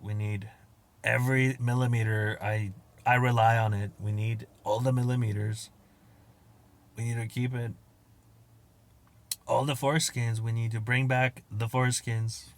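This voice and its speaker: A man hosting a podcast, riffing in a crude, profane monologue, laughing at his own jokes and acting out quotes with loud outbursts. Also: medium pitch, little pitch movement, unhurried, pauses often. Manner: acts out quoted exchanges with sudden loud outbursts. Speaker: podcast host. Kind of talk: casual comedic monologue.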